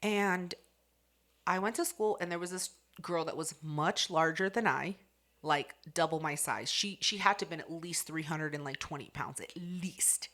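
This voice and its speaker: Young woman on a podcast, bright voice, swears a lot, gets loud doing the voices in her story. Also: low-pitched, normal speed. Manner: animated, profane, acts out quotes loudly. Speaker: podcast host. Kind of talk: casual storytelling chat.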